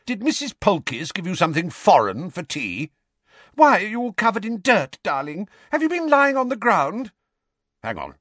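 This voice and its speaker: A man's voice: high voice, huge pitch swings, moderate pace, a bit bright, no room sound, clean studio sound, voice pushed up, heavily acted. A man voicing a blustering, bullying middle-aged uncle in a storybook reading. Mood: blustering, angry. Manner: blustering, bellowing.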